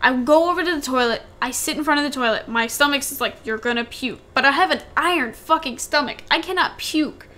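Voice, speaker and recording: High-pitched young woman on a podcast, rambling story, repeats herself a lot, acts out quotes. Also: fast talker, few pauses, pushed and bright. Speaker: podcast co-host. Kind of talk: casual storytelling chat.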